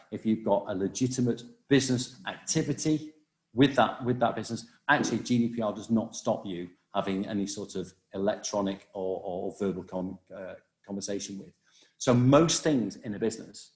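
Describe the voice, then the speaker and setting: A man presenting a webinar over a video call, talking quickly with many restarts and fillers. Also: on the low side, a little mellow, roomy sound. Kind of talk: live webinar talk on cybersecurity.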